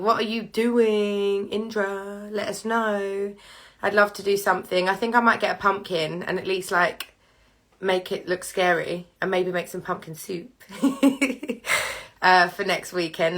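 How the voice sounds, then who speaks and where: A bubbly woman hosts a casual live stream from her living room, chatting straight to the people watching. Her voice is bright and sits at a middling pitch, picked up over a video call. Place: home living room with piano and candles.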